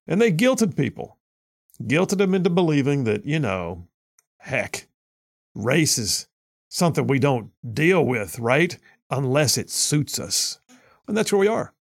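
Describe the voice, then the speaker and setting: Guy doing talk radio, gravelly voice, dry studio sound, sarcastic and folksy. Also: fairly high pitch, sing-song, unhurried, no room sound. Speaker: radio talk show host.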